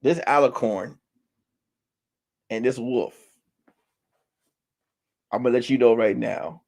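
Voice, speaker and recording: A man's voice: mid-range voice, a little mellow. A man telling an improvised playful story at home, rambling with lots of repeats and fillers. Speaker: storyteller, video host.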